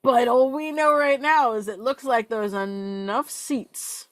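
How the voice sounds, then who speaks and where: A young woman co-hosting a fan podcast in casual chat, chatty with quick asides and filler words. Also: on the high side, steady tone, dry recording. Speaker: podcast co-host.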